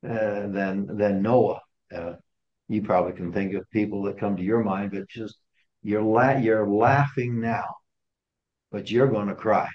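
A man's voice: on the low side, darkish tone, highs cut off. A man leading a casual Bible study group, talking conversationally and often repeating and restarting words. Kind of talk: casual teaching to a small group.

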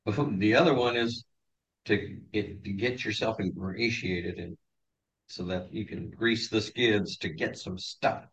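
Male group member, lower voice, slow and deliberate when answering questions. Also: rough recording. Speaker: Bible study participant.

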